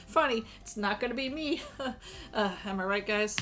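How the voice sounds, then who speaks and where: A woman's voice: fairly high pitch, expressive, unhurried, fairly bright tone. A woman streaming a game, reading the dialogue aloud with joking, crude asides and a strained voice.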